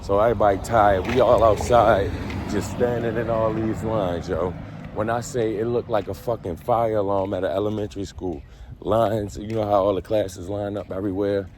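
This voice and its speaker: Low-voiced man telling a profane story. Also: steady tone, moderate pace, background noise. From Baltimore. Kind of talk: casual storytime.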